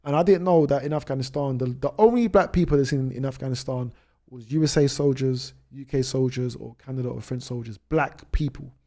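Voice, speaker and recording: A British man in his twenties, a travel YouTuber, telling stories as a podcast guest. He jumps ahead quickly and restarts his sentences often. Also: mid-range voice, mellow. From United Kingdom. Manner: rapid anecdotes with many restarts. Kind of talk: storytelling in a podcast interview.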